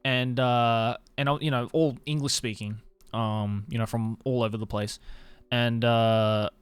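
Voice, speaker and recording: A man's voice: medium pitch, steady tone, unhurried, smooth, dry recording. A young man with a mild Australian accent, chatting casually with his stream viewers, laughing often and swearing freely. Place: home stream room in Tokyo.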